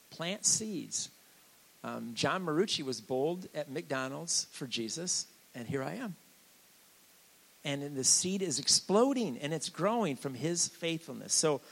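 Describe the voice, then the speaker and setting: Guy preaching, gravelly voice, jokey and chatty, goes quiet then real loud. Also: on the high side, rough recording. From Sicilian family. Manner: joking, conversational preaching with big volume swings. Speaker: guest preacher. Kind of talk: sermon.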